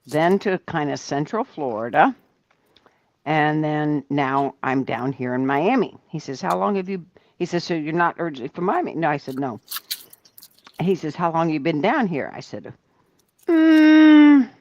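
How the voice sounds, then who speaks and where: An older woman from Ohio, chatting slowly and telling stories on a casual livestream, greeting viewers from the chat. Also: low voice, lively intonation, a little mellow, dry recording, muffled recording. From Ohio, USA. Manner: slow, chatty storytelling. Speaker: livestream co-host reading chat.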